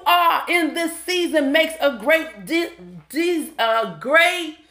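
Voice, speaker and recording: A woman's voice: high-pitched, expressive, takes it slowly, sharp tone. A middle-aged woman giving a preachy motivational talk, calling out to listeners as y'all and honey. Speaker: motivational speaker.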